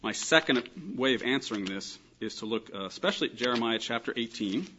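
A man's voice: mid-range voice, lively intonation, a little fast, bright, forceful tone, lo-fi sound, a little hiss or hum. A man giving a thoughtful, explanatory Bible lesson, stressing key points with emphasis. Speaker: Bible teacher. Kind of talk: lecture on scripture.

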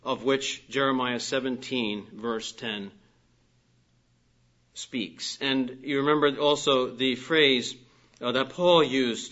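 Bright-voiced male preacher, lo-fi. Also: medium pitch, steady tone, unhurried. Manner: earnest, emphatic, rising on key phrases and dropping soft at sentence ends. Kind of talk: sermon. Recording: dull lo-fi recording.

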